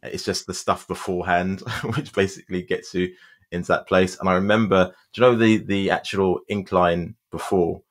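Deep-voiced man swapping race memories. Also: normal speed. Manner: relaxed, swears casually, asks "do you know". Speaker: marathon runner on the show. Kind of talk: casual podcast chat.

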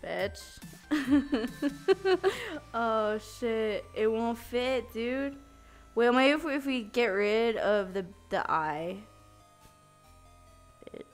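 A woman's voice: a little high, expressive, very slow, pauses often, soft background music. A woman live streaming a game, chatting casually with her viewers, giggly and swearing freely. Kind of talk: casual live-stream chat while gaming.

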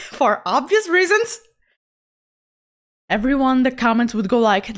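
Woman art streamer, high voice, relaxed chatter, frequent laughs, repeats words for emphasis. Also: a little slow, long pauses. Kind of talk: casual chat while drawing.

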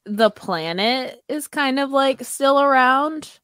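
A woman's voice: sits high, animated, takes it slowly, fairly bright tone, clean tone, dry recording, clean studio sound. A woman co-hosting a podcast in casual chat. She laughs often and trails off mid-sentence. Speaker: podcast co-host.

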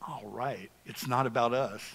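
A man's voice: mid-range voice, fairly even intonation, moderate pace, creaky, fairly bright tone, slightly rough. A middle-aged male pastor preaching a sermon in a folksy, humorous, conversational way. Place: church sanctuary. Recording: long reverb of a church hall.

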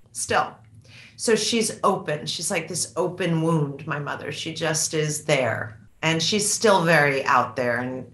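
Reflective woman with a bright, roomy voice. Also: low voice. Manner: reflective, halting, restarts often. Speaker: memoir author being interviewed. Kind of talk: candid onstage conversation.

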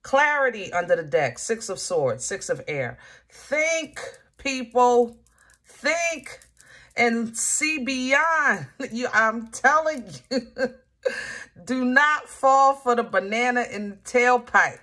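A woman's voice: fairly high pitch, lively intonation, slow pace, bright, forceful tone. A woman reading tarot cards for her viewers in a casual, emphatic way, repeating her warnings and laughing often. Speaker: tarot reader.

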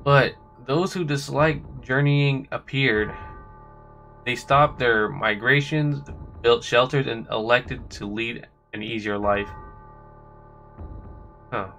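A man voices a cold, proud swordsman villain from a video game, delivering his lines slowly and deliberately. His mid-range voice is a bit bright with vocal fry, and faint music plays behind.

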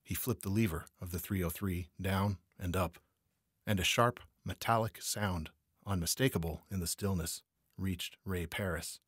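A man narrating a noir crime story as an audiobook reader, measured and steady. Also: low-pitched, husky, dry recording, studio quality.

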